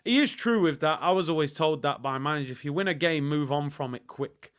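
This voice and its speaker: A man's voice: on the high side, fast, hardly any pauses, fairly bright tone, clear, resonant tone. A man hosting a football fan channel, giving casual, jokey commentary. He is sarcastic and rambling, with lots of fillers.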